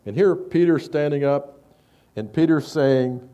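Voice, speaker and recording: A man preaching a sermon, conversational with stammered restarts, rising loud when he reads scripture. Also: mid-range voice, expressive, moderate pace.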